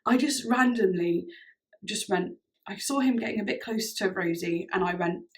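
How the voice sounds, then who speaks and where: A woman's voice: medium pitch, moderate pace. A woman vlogger telling a personal story to camera in a chatty way, with many "like"s and frequent laughs. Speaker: music vlogger.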